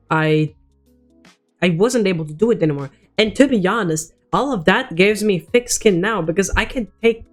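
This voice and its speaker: A teenage boy telling a personal story as a vlogger, rambling and swearing, with many restarts. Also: high-pitched. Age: teens.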